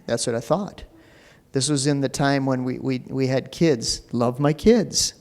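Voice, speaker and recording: A man's voice: mid-range voice, measured pace, darkish tone. A man preaching a sermon as pastor, talking in a loose, conversational way full of fillers. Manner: conversational preaching with many "you know" fillers. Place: church sanctuary. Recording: long reverb of a church hall.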